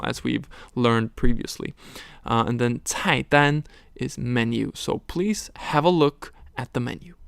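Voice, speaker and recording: A man teaching a recorded language lesson, slowly explaining words, tones and examples. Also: medium pitch, vocal fry, no room sound.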